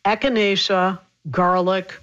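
A woman physician explaining health topics in a radio interview, brisk and clear. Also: medium pitch, level tone, a bit bright, highs cut off.

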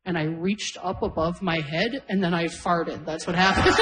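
A woman's voice: on the low side, noisy background. A middle-aged woman doing stand-up, telling stories in a self-deprecating way and laughing through her lines. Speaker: stand-up comedian. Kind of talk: stand-up storytelling. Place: stage before a live audience.

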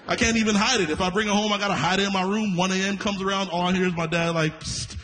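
A man's voice: sits high, steady tone, quick pace, a bit bright. A man closing a stand-up set with a playful story, laughing as he tells it. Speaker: stand-up comedian.

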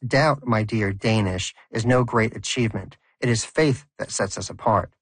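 A man's voice: lowish voice, creaky, slightly rough, no echo. A man voicing a devout, preachy male pet hamster who speaks in a solemn, sermonizing way over background music. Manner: solemn, sermonizing, slow and emphatic.

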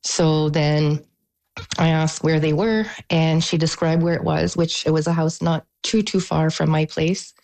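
A woman, a mother, telling a news interviewer what happened, haltingly and with pauses. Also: low-pitched, fairly even intonation, vocal fry, darkish tone, poor audio. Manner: halting, emotional recounting with pauses. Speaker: mother of an assault victim.

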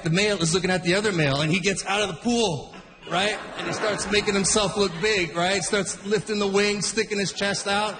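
A man's voice: sits high, big-room sound, background noise. A middle-aged man doing a stand-up set, rambling through stories and cutting himself off mid-sentence. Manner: rambling, self-interrupting storyteller. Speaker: stand-up comedian.

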